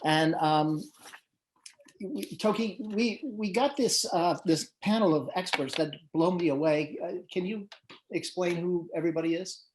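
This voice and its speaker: A man's voice: high-pitched, a little slow, darkish tone, slight background noise. A man who manages musicians, moderating a panel and telling anecdotes in a loose, conversational way with many fillers and restarts. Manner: storytelling, with frequent fillers and restarts.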